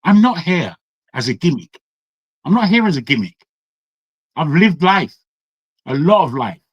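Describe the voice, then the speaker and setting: A man from England holds the floor in an online discussion, defiant and forceful. His voice sits fairly high, and he fires off heated rhetorical questions. The sound is dry and close. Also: sing-song, measured pace, no echo, highs cut off. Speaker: audience speaker. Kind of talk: impassioned talk on an online call.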